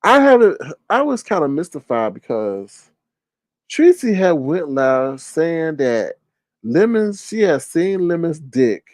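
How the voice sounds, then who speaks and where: Animated, incredulous man doing gossip commentary. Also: fairly high pitch, slow, dry recording. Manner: animated, incredulous, swears freely. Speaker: commentary channel host.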